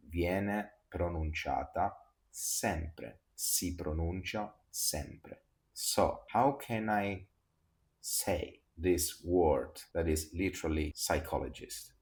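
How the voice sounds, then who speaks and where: Man, Italian accent, language teacher, very deep voice, unhurried. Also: a little mellow. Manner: slow, drills words for repetition. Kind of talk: pronunciation lesson.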